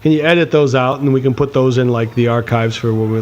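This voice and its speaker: A man's voice: medium pitch, fast, darkish tone, dull audio, faint music behind. A man co-hosting a podcast in casual chat, hesitant and often restarting his sentences. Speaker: podcast co-host.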